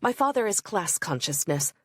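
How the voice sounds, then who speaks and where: A woman narrating a first-person diary in a measured, introspective audiobook reading. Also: sing-song, no echo, studio quality. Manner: measured, introspective reading with soft low asides.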